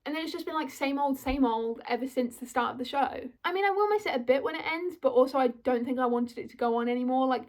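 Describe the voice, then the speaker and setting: A young British woman talking casually through a fandom video essay, chatty and full of apologetic asides. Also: sits high. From United Kingdom.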